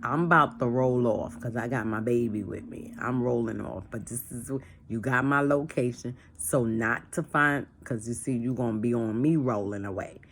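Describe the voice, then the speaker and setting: A woman's voice: a bass voice, normal speed, slight background noise. A woman from a church, talking casually and plainly, repeating her points and acting out phone calls as she explains. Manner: animated, acts out phone calls and dialogue. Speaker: church member leading a discussion. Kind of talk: casual chat.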